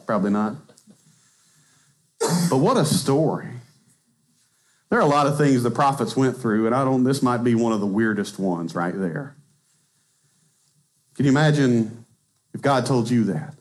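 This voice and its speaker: A man in his thirties with a Texan accent, preaching a conversational sermon in a church and laughing at himself now and then. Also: medium pitch. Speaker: pastor. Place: church sanctuary.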